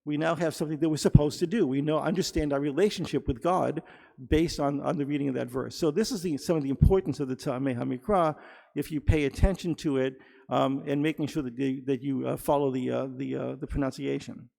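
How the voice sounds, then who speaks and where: Guy teaching a sermon, kinda high gravelly voice, lots of ums, big echoey sanctuary. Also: fairly even intonation, mellow. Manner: explanatory, halting with many fillers and restarts. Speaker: rabbi or cantor. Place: synagogue sanctuary. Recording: long hall reverb.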